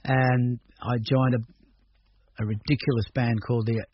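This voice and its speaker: A man's voice: medium pitch, little pitch movement, a little slow. An older man from Australia, talking through his music career in a rambling, hesitant radio interview full of restarts. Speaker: musician guest. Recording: dull radio recording with faint noise.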